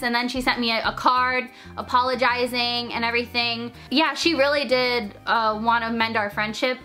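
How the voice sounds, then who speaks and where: A young woman telling a personal story in casual chat, talking fast with lots of "like" fillers. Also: on the high side, sharp tone. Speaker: storyteller vlogger.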